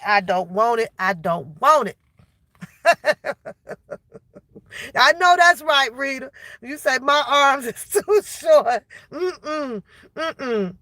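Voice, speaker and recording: A woman's voice: on the high side, no echo. Preachy woman repeating herself, dry close sound. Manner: preachy, animated, repeats lines for emphasis. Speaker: livestream host. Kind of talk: casual livestream talk.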